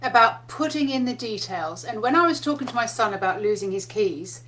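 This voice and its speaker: Woman, fairly high voice, chatty spiritual teacher, storytelling, laughs often. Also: animated, fairly quick, fairly bright tone, a little hiss or hum. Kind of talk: casual spiritual talk.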